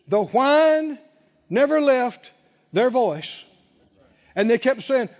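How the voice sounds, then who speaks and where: A man's voice: very high-pitched, big pitch swings, takes it slowly, long pauses, a little mellow, big-room sound, highs cut off. A man preaching a sermon, emphatic and calling out to the congregation. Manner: emphatic, call-and-response preaching.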